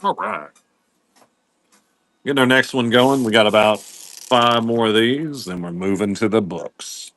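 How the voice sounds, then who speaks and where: Low-voiced man hosting a live sale. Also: unhurried, long pauses, fairly bright tone. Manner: welcomes viewers by name while listing items. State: coughing now and then. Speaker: livestream seller host. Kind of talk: casual live sale patter.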